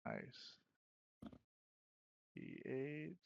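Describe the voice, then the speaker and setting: A man's voice: a little high, wildly swooping pitch, extremely slow, vocal fry, no room sound. A man playing a tabletop game, working out his dice math aloud. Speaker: player. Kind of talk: casual tabletop game play. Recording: slightly muffled lo-fi audio.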